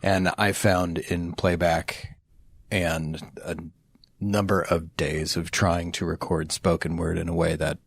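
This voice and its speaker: Deep-voiced man speaking thoughtfully. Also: flat delivery, takes it slowly, creaky, no echo. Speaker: musician guest. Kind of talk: casual chat.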